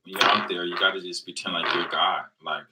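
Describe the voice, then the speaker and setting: A man's voice: sits low, steady tone, fairly quick, distant mic, heavy background noise. A man telling loose rambling stories in a casual vlog, acting out the other people in his stories. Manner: loose rambling storytelling with quoted dialogue. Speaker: vlogger. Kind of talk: casual storytelling monologue. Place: living in Japan.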